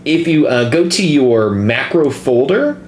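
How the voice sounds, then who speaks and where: Slow, lively-voiced male game master. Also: medium pitch. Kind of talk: narrating a tabletop game. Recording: echoey room with faint noise.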